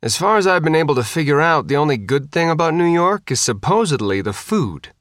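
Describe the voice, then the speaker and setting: A man's voice: on the high side, very animated, fairly quick, a bit bright, no room sound, voice pushed up. A man reading an audiobook, voicing a tough, sarcastic teenage girl worn down by illness. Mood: sardonic. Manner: dry, sarcastic griping.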